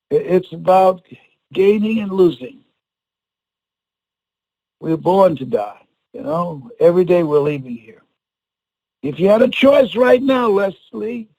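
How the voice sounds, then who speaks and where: An older man telling a motivational story from the stage in a high voice. He speaks slowly and deliberately, like a preacher. His delivery swings from hushed lines to near-shouts. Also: poor audio.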